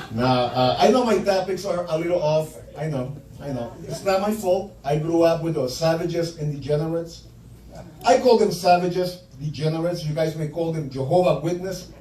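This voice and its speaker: A man's voice: on the high side, warm tone. A male stand-up comedian delivering a crude, punchy comedy set full of profanity in a comedy club. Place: comedy club stage before a laughing audience. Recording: echoey club room, mic at a distance.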